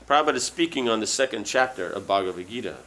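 A man reading a book aloud and breaking off into loose, halting asides full of fillers. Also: lowish voice, lively intonation, fairly bright tone. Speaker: reader.

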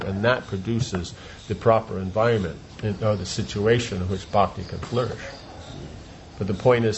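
A man with a fairly low voice gives an informal religious talk as a spiritual teacher. He rambles, repeats words, and asks rhetorical questions. The sound is lo-fi, with slight background noise.

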